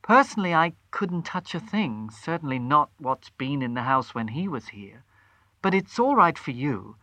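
A gentle young housewife speaks softly and pleads with quiet courtesy, voiced by a male storyteller. Her voice rises and falls with a lively, bright tone, close and dry. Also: on the high side, normal speed, dry recording. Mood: pleading. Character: soft-spoken grieving young housewife.

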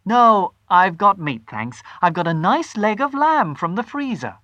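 A storyteller voicing an adult housewife who keeps up a bright, cheerful manner. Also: medium pitch, big pitch swings, a little slow, dry recording, highs cut off, voice pushed up. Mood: forced bright. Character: anxious housewife, outwardly cheerful, adult woman.

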